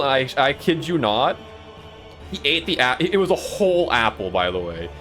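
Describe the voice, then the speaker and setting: Very animated, a man with a fairly bright, mid-range voice streams a game and spins rambling school stories at a normal speed. He keeps it casual with frequent laughs and lots of "like," soft music playing in the background.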